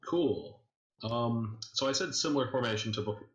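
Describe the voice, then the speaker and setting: Serving as game master for a tabletop game, a man narrates in a casual, filler-heavy storytelling style. His medium-pitched voice is expressive and moves at a normal speed, and the room sounds echoey.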